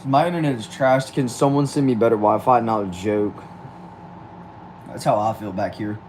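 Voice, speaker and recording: A man's voice: lowish voice, moderate pace, a little mellow, slight background noise, poor audio. A young man from Texas, hosting a casual livestream and answering viewer comments aloud. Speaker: livestream host.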